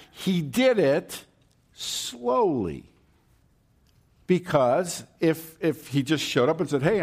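A male preacher tells his sermon like a story, talking with his listeners rather than at them. He takes his time with a measured, unhurried pace, and his voice sits at an ordinary middle pitch until he jumps into the scenes he acts out. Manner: animated storytelling, acting out the disciples' panic in a high voice; conversational, checks in with the crowd.

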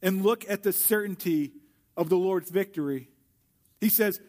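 High-voiced male pastor preaching. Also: darkish tone. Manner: earnest, with slow emphatic repetition. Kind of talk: sermon.

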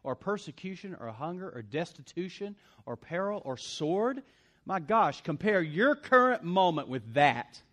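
A man preaching a sermon as pastor, swinging between loud punchy lines and quiet asides. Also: sits high, sing-song, a little slow.

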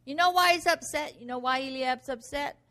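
A woman delivers a sermon in a high voice. She is emphatic and presses her points with rhetorical questions. Her tone is bright and ringing. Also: fairly quick. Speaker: preacher.

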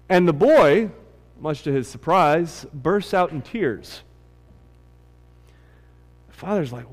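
A man preaching a sermon with animated delivery, his voice climbing high and loud at its peaks. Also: unhurried, in a large hall. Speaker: pastor.

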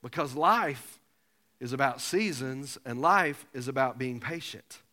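A pastor preaching a sermon, telling a self-mocking story with humor. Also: male voice, medium pitch, measured pace, bright, forceful tone. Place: church sanctuary. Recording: long hall reverb.

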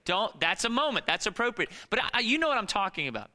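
Male pastor, bright and crisp, slightly high, emphatic sermon delivery with rhetorical questions. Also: big pitch swings, quick pace, big-room sound. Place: church.

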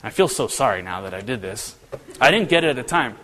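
A man preaching a sermon in a church, earnest and animated, often restarting his phrases. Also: medium pitch, a little fast, long reverb tail, a faint crowd, slight background noise. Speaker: pastor.

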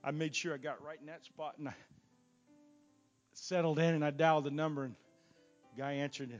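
A man preaching a revival sermon as a guest preacher in a church. He swings from loud shouting peaks down to quiet asides. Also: on the high side, steady tone, a little fast, long pauses, faint music behind. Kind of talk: Pentecostal sermon. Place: church sanctuary.

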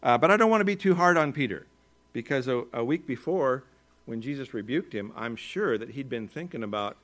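An American man preaches to his congregation in an easygoing, conversational tone. His pitch sits in the middle male range, and he slips in wry asides and small chuckles as he talks. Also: expressive, a little fast, a bit bright. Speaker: pastor. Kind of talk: sermon.

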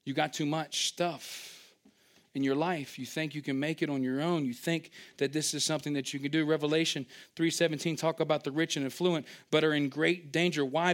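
Guy preaching a sermon, kinda high voice, acts stuff out, loud bursts then quiet asides. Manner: animated, acts out little scenes with sudden high-pitched outbursts. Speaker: pastor.

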